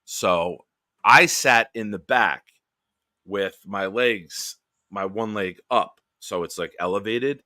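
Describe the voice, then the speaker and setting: A man hosting a late-night live stream hangout, telling stories in a profane, animated way. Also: on the low side, slow, dry recording, studio quality. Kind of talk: casual late-night storytelling.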